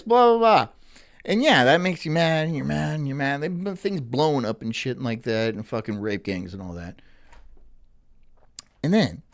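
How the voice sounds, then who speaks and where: A woman hosting a livestream, talking casually while reacting to clips, swearing and repeating herself. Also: low-pitched. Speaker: livestream host.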